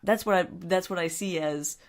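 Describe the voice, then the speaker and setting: A woman's voice: lowish voice, normal speed. A woman co-hosting a podcast in casual, rambling chat, loose and giggly as she talks. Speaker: podcast co-host.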